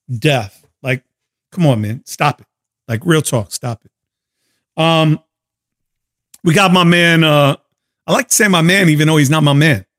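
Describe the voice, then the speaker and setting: A hoarse man hosting a casual livestream chat, telling stories in an animated, slangy way. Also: a little high. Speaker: show host.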